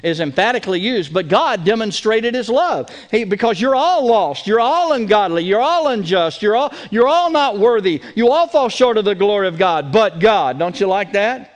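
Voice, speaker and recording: A man's voice: sits high, expressive, moderate pace, hardly any pauses. A man preaching a sermon as pastor, emphatic and repeating key words for stress, often restarting with stacked "and, and".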